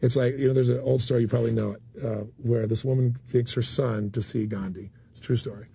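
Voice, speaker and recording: A man's voice: fairly even intonation, quick pace, dark tone. A man speaking as a motivational speaker in a candid interview, telling stories bluntly and emphatically. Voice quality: deep gravelly raspy voice. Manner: blunt, emphatic storyteller with occasional swearing.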